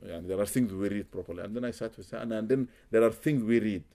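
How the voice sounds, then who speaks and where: A man's voice: lowish voice, quick pace, mellow. A man, a Muslim spiritual healer, telling a story in an interview, with Arabic religious phrases and repeated words for emphasis.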